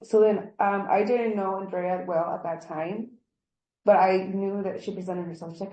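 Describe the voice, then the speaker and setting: A woman with a warm, mid-range voice speaks at a normal, steady pace. She is an employee giving a rambling statement about a workplace incident in an interview, acting out what other people said. The recording is rough, in an echoey room.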